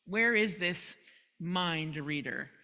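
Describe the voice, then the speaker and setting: A woman's voice: fairly low pitch, takes it slowly, sharp tone, voice pushed down, exaggerated voice. A woman retelling a Bible story, voicing a frustrated enemy king who talks in brusque demands. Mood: demanding. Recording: long hall reverb.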